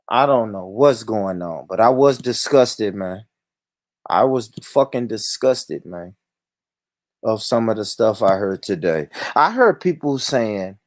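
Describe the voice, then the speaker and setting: A man's voice: a little high, dry recording, clean studio sound. Heated, profane man ranting on a livestream. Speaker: livestream host.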